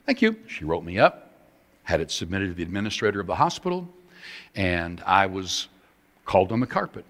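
A middle-aged male pastor delivers a sermon with animated, emphatic storytelling. His pitch swings widely as he talks, and his voice rings with a long reverb as if in a big hall. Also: fairly quick.

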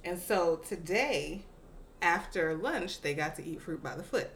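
A woman's voice: on the low side, animated, unhurried, a bit bright, a little hiss or hum. Cheerful woman podcast co-host. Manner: cheerful, laughs often while telling stories. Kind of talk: casual chat and storytelling.

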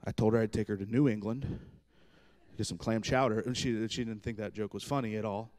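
Animated joking male pastor. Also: on the low side, a little fast. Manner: animated storytelling with self-deprecating jokes. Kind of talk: humorous sermon.

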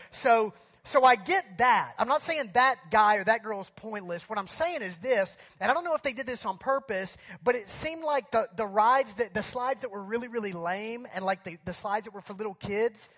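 A male pastor telling a humorous story in a sermon, chatty and animated, with lots of fillers. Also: high-pitched. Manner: animated, chatty, many fillers like "like" and "you know".

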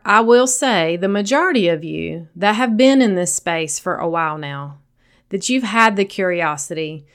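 A woman's voice: mid-range voice, clean tone. A woman with a Southern accent hosting a solo podcast, speaking earnestly and encouragingly straight to her listeners. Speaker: podcast host.

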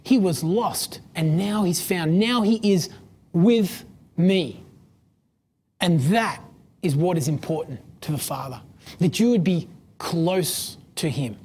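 A woman's voice: fairly low pitch, a little mellow, slightly rough. A woman preaching a sermon in a conversational way, using many fillers and asking questions of her listeners.

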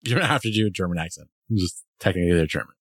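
A man's voice: sits low, expressive, racing, husky, no room sound. A man playing in a tabletop game, talking casually and hesitantly, repeating words as he thinks. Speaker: player.

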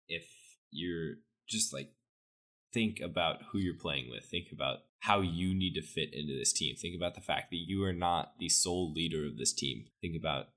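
A man's voice: deep voice, fairly bright tone. A man in a casual chat, easygoing and rambling, often trailing off.

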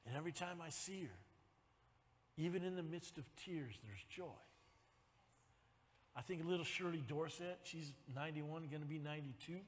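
A man preaching a sermon in a church, folksy, dropping "amen?" asides and building up to shouts. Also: on the high side, in a large hall. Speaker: pastor. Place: church sanctuary.

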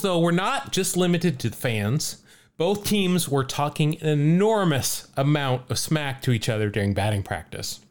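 A man hosting a podcast, telling a story in casual chat, animated and laughing often as he reads out quotes. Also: a little high. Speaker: podcast host.

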